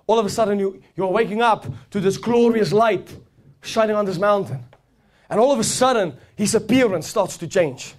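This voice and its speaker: A man preaching a sermon with fervor, repeating phrases and building intensity as he goes. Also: sits high. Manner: fervent, rising and swelling as he preaches, with repeated phrases.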